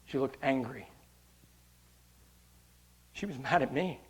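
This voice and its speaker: A man preaching a sermon as pastor, addressing the congregation directly and moving between hushed storytelling and loud, impassioned preaching. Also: medium pitch, takes it slowly.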